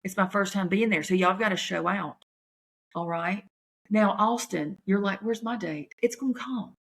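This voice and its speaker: A woman comedian, talking in a chatty, folksy, animated way on her podcast. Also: mid-range voice, normal speed, vocal fry. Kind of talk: casual chat.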